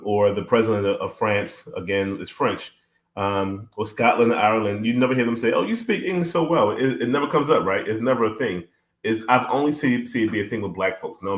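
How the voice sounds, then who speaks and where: A man's voice: fairly low pitch, roomy sound. A man talking things over in a casual discussion, thoughtful and full of fillers. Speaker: podcast guest.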